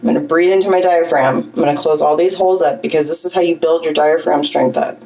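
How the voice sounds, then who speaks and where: Low-voiced chatty woman teaching singing. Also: fairly even intonation, fast talker, warm tone, rough recording. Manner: chatty, checks in with 'okay?' and 'right?'. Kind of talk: casual spoken lesson.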